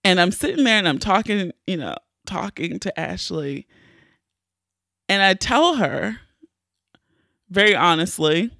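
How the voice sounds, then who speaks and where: Tearful woman with a gravelly voice. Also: fairly low pitch, expressive, a little slow, long pauses, a bit bright, dry recording, studio quality. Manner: emotional, candid, many fillers and restarts. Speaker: podcast host. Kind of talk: personal storytelling.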